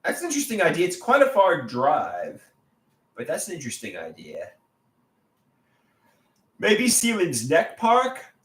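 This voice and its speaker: A man's voice: fairly high pitch, wildly swooping pitch, a little slow, pauses often, a bit bright. A man on a live stream, reading viewer comments aloud and answering them in a rambling, repetitive way. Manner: reads chat comments aloud and answers them, repeating himself. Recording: echoey room.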